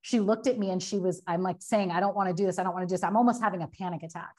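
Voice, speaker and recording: A woman in her thirties, a guest telling a candid personal story, earnest and quick, full of filler words. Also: on the low side, steady tone, a little mellow. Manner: earnest, fast, many filler likes, acts out quotes.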